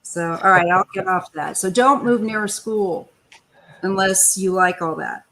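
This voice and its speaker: A woman's voice: mid-range voice, unhurried, a bit bright, poor audio. A woman hosting a live tarot stream, chatting casually and giving emphatic advice. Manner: chatty, emphatic, complaining asides. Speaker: tarot reader host.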